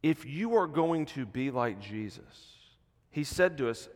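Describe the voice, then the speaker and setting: A man's voice: medium pitch, very animated, normal speed. Man preaching in a reverberant church. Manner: swings from hushed, soft passages to loud, emphatic preaching. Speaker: pastor. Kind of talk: sermon. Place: church sanctuary. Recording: long hall reverb in a church.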